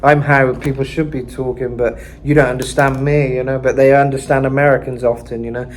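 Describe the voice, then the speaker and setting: A man's voice: mid-range voice, level tone, brisk, slight background noise. A British man giving a casual vocal lesson, chatting and thinking aloud with lots of fillers. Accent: British English. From Britain. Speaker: vocal coach. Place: home in Mexico.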